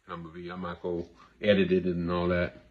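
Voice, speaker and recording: Deep-voiced man giving earnest advice. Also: completely flat delivery, fast, dull audio. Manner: earnest, preacherly, repeats himself. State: emotional, grieving. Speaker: therapist host. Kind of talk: casual monologue to camera.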